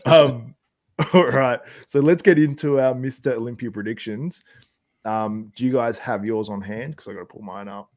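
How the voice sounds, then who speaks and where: A man's voice: medium pitch, normal speed, a little mellow. A young Australian man hosting a casual podcast chat, rambling with lots of fillers and laughs. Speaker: podcast host.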